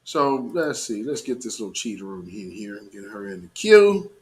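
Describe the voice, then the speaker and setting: A man's voice: on the low side, sing-song, normal speed. A man hosting a live commentary show, talking casually with slang, exclamations and mocking asides to his audience.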